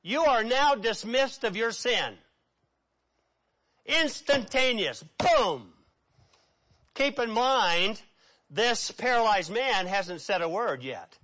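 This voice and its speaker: A man preaching a sermon with dramatic swings between hushed and loud delivery. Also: sits high, big pitch swings, takes it slowly, pauses often.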